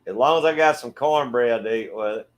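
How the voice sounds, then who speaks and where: Broadcasting from a backyard shed, a middle-aged Southern man from Georgia, USA, keeps his livestream relaxed, reading out viewer comments and saying hello to viewers by name. His mid-range voice runs fairly quick, and his manner is friendly and easygoing.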